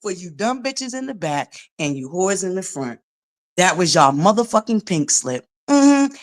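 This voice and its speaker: A woman's voice: fairly low pitch, very animated, measured pace. Sassy, profane woman streamer, drawling. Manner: sassy, profane, mocking, laughs often. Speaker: commentary channel host. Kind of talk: live-stream commentary chat.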